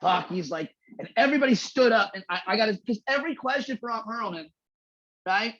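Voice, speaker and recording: A podcast co-host with a husky, slightly breathy voice spins a rambling story, swearing freely and restarting sentences as they go. The audio is a bit dull and lo-fi. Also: mid-range voice, brisk. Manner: rambling, profane, animated anecdote-telling. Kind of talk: casual storytelling chat.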